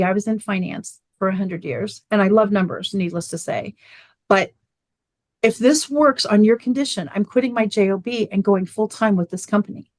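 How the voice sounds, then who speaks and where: A middle-aged woman speaking as an interview guest, her voice sitting at a medium pitch. She tells her story in an animated way, slipping into the voices of her family. The sound is dry and close, with no room around it. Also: normal speed, dry recording. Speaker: guest, water machine business owner.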